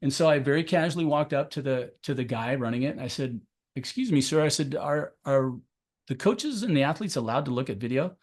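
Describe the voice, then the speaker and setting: A man coaching high jump, chatting as a podcast guest, telling animated stories and acting out the people he quotes, often laughing as he talks. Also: fairly quick. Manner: laughs often while talking. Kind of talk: casual podcast chat.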